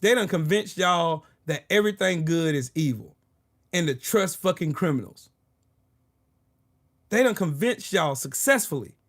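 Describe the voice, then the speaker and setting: A man's voice: on the high side, animated, unhurried, long pauses, fairly bright tone. A man hosting his own political commentary video, ranting angrily and profanely, full of sarcasm and repeating short phrases for emphasis. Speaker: political commentary channel host.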